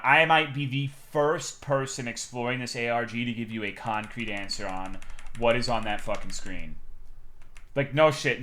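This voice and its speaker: A man streaming a game, talking casually in a rambling, profane, excitable way, swinging from loud bursts to mumbled asides. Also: mid-range voice. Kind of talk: casual live-stream gameplay commentary.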